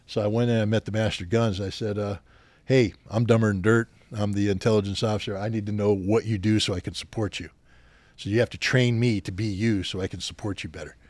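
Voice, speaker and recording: Older male guest, low voice, dry close sound, animated storyteller who acts out quoted dialogue. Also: fast talker, no room sound. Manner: animated anecdotes, acting out quoted officers. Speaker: podcast guest. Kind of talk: storytelling in a podcast interview.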